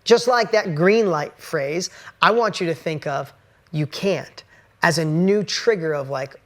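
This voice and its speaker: Speaking straight to camera, a man gives an earnest, conversational motivational talk, pressing his points with emphasis. His voice is a little high and his pace a little slow.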